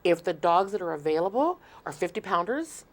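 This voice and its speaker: A woman speaks as a guest in a casual interview, in a slightly low voice. She explains earnestly and at length, often restarting her sentences as she goes. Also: very animated, a little fast. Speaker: shelter marketing manager, guest.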